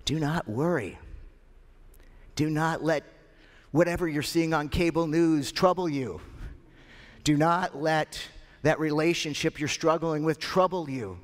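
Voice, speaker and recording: Man, pastor, sermon storytelling, animated, dramatic pauses, long hall reverb. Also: fairly high pitch.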